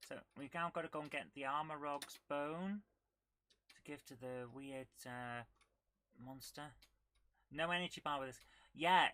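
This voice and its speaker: A woman's voice: rumbling low, pushed and bright. A woman streaming a retro game live, chatting and thinking aloud as she plays and humming along to the game. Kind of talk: live gameplay commentary.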